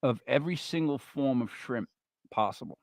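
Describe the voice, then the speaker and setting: A man's voice: mid-range voice, animated, moderate pace, vocal fry, no room sound. A man hosting a live podcast, rambling and teasing his co-hosts, with lots of fillers. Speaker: podcast host. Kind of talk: casual banter on a live show.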